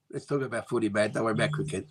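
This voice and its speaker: A man's voice: mid-range voice, gravelly, noisy background. A man co-hosting a casual sports podcast, easygoing and wry. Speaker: podcast co-host.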